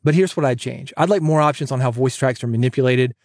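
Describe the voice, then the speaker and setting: A man hosting a podcast, giving advice in an energetic, chatty way that jokes with the listener. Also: mid-range voice, fast talker, background noise. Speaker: podcast host and coach.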